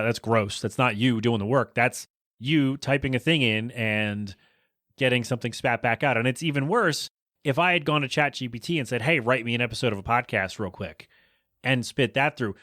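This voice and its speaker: Man, podcast host, casual solo chat, rambling, blunt opinions, medium pitch. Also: fairly bright tone, dry recording, studio quality. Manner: rambling, restarts often, frank opinions.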